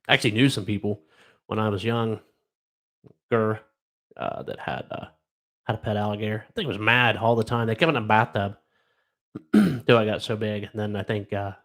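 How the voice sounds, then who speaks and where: Rambling middle-aged man on a live stream. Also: lowish voice. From Ohio, USA. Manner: rambling, wry, lots of fillers and trailing off. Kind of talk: casual chat reading odd news.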